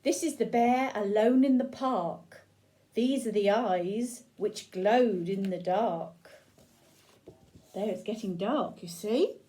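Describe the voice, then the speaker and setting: A woman reading a children's picture book aloud, gentle and sing-song, pausing to ask the young listener questions. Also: mid-range voice. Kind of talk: children's read-aloud storytelling.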